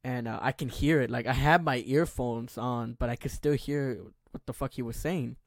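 A man's voice: medium pitch, steady tone, normal speed, creaky, no room sound, clean studio sound. A man in his twenties, a podcast host, telling a rambling, profane story in casual chat.

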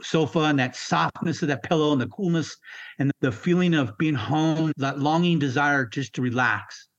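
A man in his fifties, a military veteran being interviewed, telling his story in a raw, halting way and swearing freely. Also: on the high side, fairly bright tone, muffled recording. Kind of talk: candid personal storytelling.

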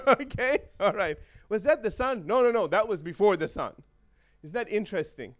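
A man's voice: high voice, lively intonation, moderate pace. A man preaching a sermon in a playful way, chuckling often and checking in with his listeners.

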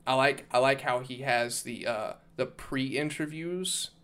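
A man's voice: mid-range voice, measured pace, a bit bright, clean tone. A young man on a casual podcast, telling loose, profane stories full of fillers. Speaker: podcast co-host. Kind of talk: casual chat.

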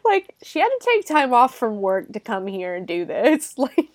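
A woman's voice: on the high side, normal speed, no echo, studio quality. Sarcastic, swearing woman podcast host. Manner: animated, sarcastic, swears freely; lots of "like" fillers. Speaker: podcast host reviewing a film. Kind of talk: casual chat.

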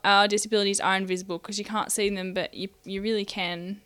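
A woman's voice: medium pitch, level tone, quick pace, fairly bright tone, no echo. A woman hosting a podcast, chatting casually and trading teasing jokes with a friend. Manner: joking, teasing banter. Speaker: podcast host. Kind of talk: casual chat.

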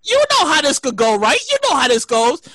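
A woman hosting a podcast, telling a story in a casual, animated way, swearing and repeating her lines. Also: high voice, fairly quick, dry recording, studio quality. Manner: animated, profane, repeats herself. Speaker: podcast host.

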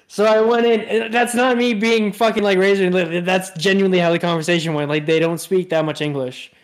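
A man's voice: high voice, fairly even intonation, fairly quick. A man in his twenties co-hosting a podcast, trading joking, profane banter. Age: 20s. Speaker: podcast co-host. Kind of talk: casual chat.

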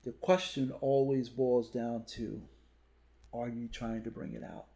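Emphatic motivational man, mellow voice. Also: medium pitch, level tone, measured pace. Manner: emphatic, storytelling with punchy repeated lines. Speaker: motivational speaker. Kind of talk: podcast conversation.

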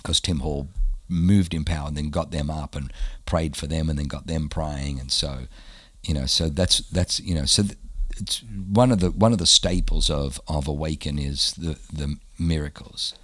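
A middle-aged Australian pastor telling stories in a casual interview, animated and acting out the voices of people he quotes. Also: extremely low pitch, normal speed, few pauses, husky, no echo.

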